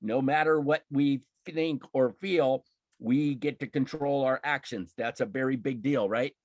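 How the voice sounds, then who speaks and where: A man's voice: medium pitch, measured pace, darkish tone, no room sound, highs cut off. A man teaching an online emotional intelligence class, talking in an emphatic, fired-up way with frequent laughs and restarts. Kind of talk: live online class, impassioned talk.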